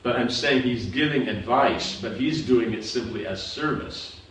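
A man's voice: medium pitch, measured pace, a bit bright, distant mic. A man teaching a scripture class, explaining patiently and often checking that his listeners understand. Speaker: spiritual teacher. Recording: echoey room recorded from afar with background noise.

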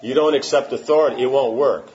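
A man's voice: medium pitch, fairly even intonation, fast, a little mellow, slight background noise. A man giving an informal religious talk, answering questions emphatically and often checking that listeners follow. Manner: emphatic, keeps asking "you know what I'm saying?". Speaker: spiritual teacher. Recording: muffled lo-fi recording.

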